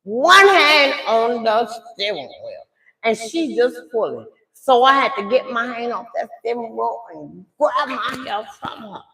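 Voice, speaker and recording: Middle-aged woman, livestream storytime host, bright high voice, dramatic delivery in an echoey room. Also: unhurried. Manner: dramatic, animated retelling that swings from loud outbursts to hushed asides; addresses viewers directly, often checking in with "okay?". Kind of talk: casual storytime.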